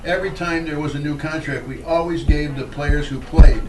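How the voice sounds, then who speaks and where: A man's voice: a little high, steady tone, moderate pace, recorded from a distance. Older man telling stories, noisy room. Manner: rambling anecdotes with restarts and fillers. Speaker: former pitcher, guest speaker. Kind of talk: storytelling at a live Q&A. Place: restaurant event room. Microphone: handheld mic.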